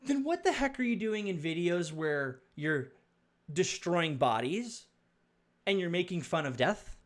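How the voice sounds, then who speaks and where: A man's voice: sits high, expressive, unhurried. A man commenting on video clips, preachy and stumbling, repeating words as he lectures viewers.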